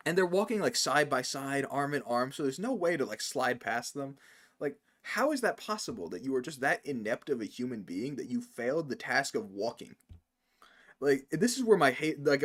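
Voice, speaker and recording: A man from New rants in casual stream chat, saying "like" constantly. His voice sits a little high and moves in a lively way. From New York. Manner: animated ranting, says "like" a lot, laughs often.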